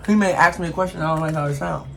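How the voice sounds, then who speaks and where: Animated woman vlogger with a low voice. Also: rapid-fire, gravelly. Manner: animated, talks straight to viewers, emphatic. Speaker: mukbang host. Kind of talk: casual chat while eating. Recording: faint background noise.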